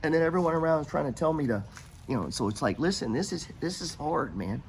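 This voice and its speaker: A man's voice: a little high, lively intonation, fast, slight background noise. A middle-aged American man hosting a podcast, giving money advice in a blunt, profane, rambling motivational rant. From United States.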